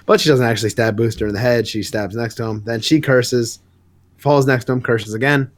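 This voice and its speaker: There's no room sound as a male podcast co-host, mid-range in pitch and moderately paced, walks through a comic book's story. He keeps it casual and animated, laughing often and breaking off for exasperated asides.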